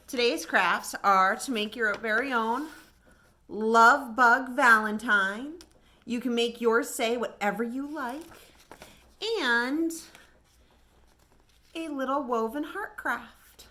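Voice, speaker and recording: A female children's librarian reads a picture book aloud, her storytime delivery gentle and expressive. Her voice sits on the high side, and she reads slowly with long pauses.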